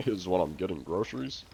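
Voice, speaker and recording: A man's voice: sits low, lively intonation, moderate pace, gravelly, warm tone, slight background noise. A young man streaming, casually answering viewer questions in a loose, rambling way full of fillers and the odd swear word. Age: young adult.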